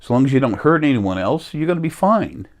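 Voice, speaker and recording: A man's voice: medium pitch, big pitch swings, a little fast. A man giving a rambling spiritual talk as a teacher, earnest, often stopping to correct himself. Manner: meandering, self-correcting, earnest.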